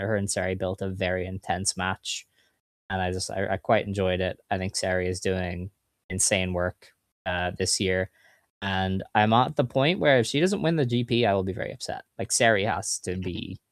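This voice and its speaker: A man's voice: low voice, dry recording, studio quality. A man co-hosting a podcast, chatting casually and recapping results in enthusiastic detail. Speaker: podcast co-host. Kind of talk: casual chat.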